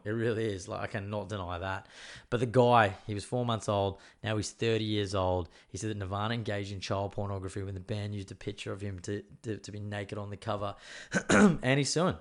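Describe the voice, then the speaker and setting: Male solo show host, lowish and slightly strained voice, candid, rambling, opinionated chat. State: voice strained, worried about losing it. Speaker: podcast host.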